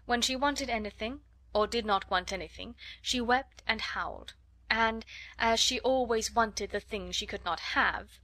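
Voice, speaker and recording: A woman reads a classic storybook aloud in a measured, expressive way. Her voice sits at an average pitch. The sound is close and dry. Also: no echo. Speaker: narrator. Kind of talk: storybook narration.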